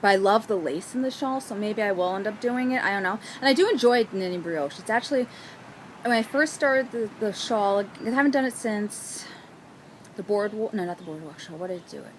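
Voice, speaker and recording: A woman's voice: medium pitch, lively intonation, brisk, slight background noise, poor audio. Bubbly woman gushing about knitting finds. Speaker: knitting podcast host. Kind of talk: casual chat. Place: outdoors.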